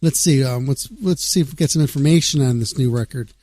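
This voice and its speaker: A man's voice: medium pitch, fast, mellow, dry recording. A man hosting a casual radio show, rambling and laid-back, reading out press notes and chatting with a caller.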